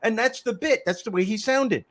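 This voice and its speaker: Emphatic storytelling man, slightly high. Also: normal speed, a bit bright. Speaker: host. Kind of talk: podcast conversation.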